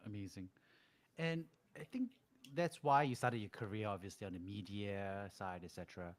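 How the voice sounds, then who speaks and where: A man's voice: on the low side, normal speed. A man hosting a podcast, asking short questions and giving brief encouraging replies. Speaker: podcast host. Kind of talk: interview questions.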